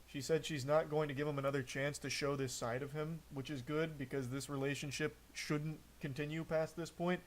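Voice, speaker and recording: A male streamer with a slightly raised pitch, talking in a loose, casual commentary style. He sounds sarcastic and openly exasperated, dropping dry jabs as he goes. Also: fairly even intonation, normal speed, hardly any pauses, a little hiss or hum.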